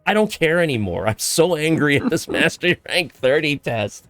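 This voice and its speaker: A male streamer hosting a casual charity livestream chat, excitable, laughing often and tripping over his words. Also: fairly high pitch, moderate pace, dry recording, faint music behind. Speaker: streamer host.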